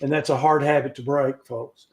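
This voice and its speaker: A man teaching an informal scripture lesson over a video call, halting and folksy, with joking asides. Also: mid-range voice, level tone, noisy background. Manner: halting, with frequent restarts. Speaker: Bible study teacher.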